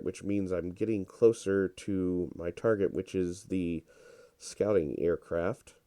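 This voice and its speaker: A congested man talks through his gameplay in a relaxed, rambling way. His voice is deep, mellow and smooth, and he takes his time. The recording is dry and close. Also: dry recording. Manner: relaxed, rambling and self-deprecating. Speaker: gameplay commentator. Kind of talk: casual gameplay commentary.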